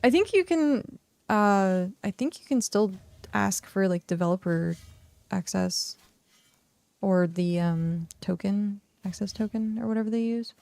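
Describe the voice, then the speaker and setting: A woman's voice: mid-range voice, lively intonation, unhurried, gravelly, a little mellow, dry recording. A woman streaming a game, chatting casually and thinking aloud with lots of fillers and trailing sentences. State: hiccuping and yawning. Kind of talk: casual streaming chat while playing.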